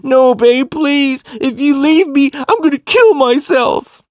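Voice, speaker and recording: A man voicing his young cousin who melodramatically begs a girlfriend not to leave, in a shrill, loud, desperate tone. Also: slow, no room sound, clean studio sound. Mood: desperate pleading.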